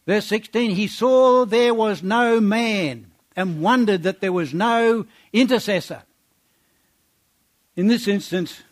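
Reading from scripture, a preacher exhorts his congregation through rhetorical questions. Whenever he speaks words of praise, he lowers his voice and goes quiet.

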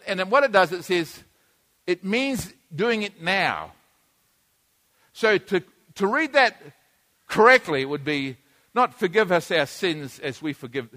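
A man's voice: high-pitched, pushed and bright. A man preaching a sermon, teaching plainly and then building to emphatic, repeated points.

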